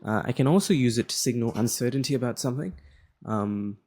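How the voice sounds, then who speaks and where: A young man, explaining a lesson in a relaxed, casual way and often checking in with "right?". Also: medium pitch, a little fast. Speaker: tutor.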